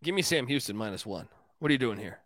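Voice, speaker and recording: A man's voice: mid-range voice, lively intonation, quick pace, fairly bright tone, no room sound, studio quality. A man hosting a casual sports betting show, loose and joking, swearing and laughing as he gives his picks. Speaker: sports betting podcast host.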